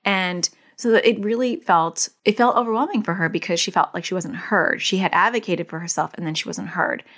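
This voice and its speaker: A woman with a slightly low voice talks through parenting advice in a relaxed monologue. She is earnest and chatty, with "like" scattered through her sentences, and she sounds like a therapist who is also a parent. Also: fairly quick. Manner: chatty, many "like" fillers, earnest.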